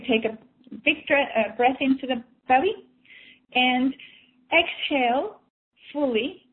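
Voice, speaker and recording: A woman leading a guided breathing and emotional release session, gentle and coaxing, often repeating and restarting her phrases. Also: sits high. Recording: tinny phone-like sound.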